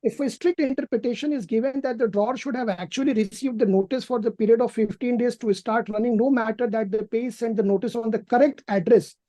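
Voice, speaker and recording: A woman with an Indian English accent arguing as an advocate in court, deferential and halting, repeating "my lords" again and again. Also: a little high, fairly even intonation, warm tone, no echo. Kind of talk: courtroom argument. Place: courtroom, on a video hearing feed.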